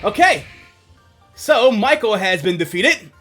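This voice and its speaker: A man's voice: high voice, sing-song, takes it slowly, sharp tone, faint music behind. A man streaming a video game, chatting casually with rambling, profane jokes. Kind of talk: casual let's-play chat.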